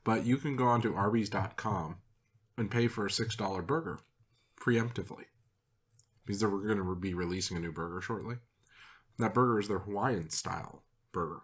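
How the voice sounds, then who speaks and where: A man co-hosting a casual film-review podcast, cracking deadpan contrarian jokes. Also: on the low side, fairly quick. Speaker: podcast co-host.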